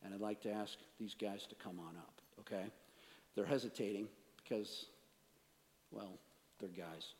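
A man preaching a sermon as pastor, swinging between hushed, intense asides and raised, emphatic points, and bantering playfully with volunteers. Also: fairly low pitch, steady tone, unhurried, long pauses, slight background noise. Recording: long reverb of a large hall.

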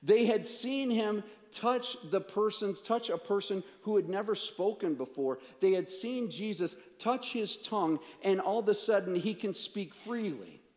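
A man's voice: high voice, expressive, measured pace, few pauses. Dramatic male pastor in a reverberant hall. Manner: dramatic, swings from hushed asides to raised emphasis; playful banter with volunteers. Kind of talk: sermon. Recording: long reverb of a large hall.

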